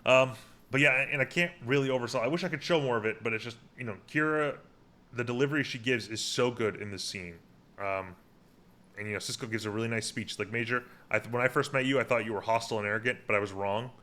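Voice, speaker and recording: Bright-voiced man recapping an episode. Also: mid-range voice, fast talker. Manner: recaps scenes by paraphrasing lines, many fillers and "like". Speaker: podcast co-host recapping an episode. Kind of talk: casual chat.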